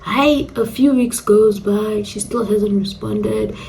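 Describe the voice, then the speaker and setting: A young South African woman telling a storytime vlog, animated and dramatic, slipping into local slang. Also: medium pitch, slow pace, gravelly, far from the mic, slight background noise. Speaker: storyteller vlogger. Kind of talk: casual storytime monologue.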